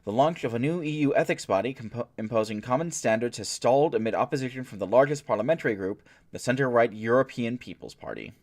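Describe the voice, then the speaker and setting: A man with a plain mid-pitched voice works through news articles on his own stream. He reads in an unhurried, halting way with plenty of fillers, then stops for deadpan, sarcastic asides. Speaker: streamer and host. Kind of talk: reading and commenting on news.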